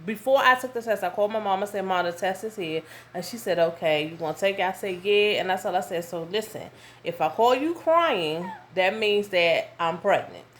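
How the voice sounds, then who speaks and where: A woman, telling a casual story to her viewers at home, animated and full of asides. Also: medium pitch, normal speed, slight background noise. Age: 30s. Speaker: vlogger. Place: home with her young son nearby.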